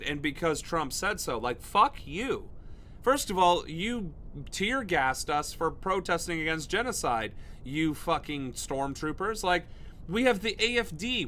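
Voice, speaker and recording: A man's voice: sits high, sharp tone, a little hiss or hum. A man from the United States hosting a livestream, ranting in profane, sarcastic political commentary. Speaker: political streamer and host.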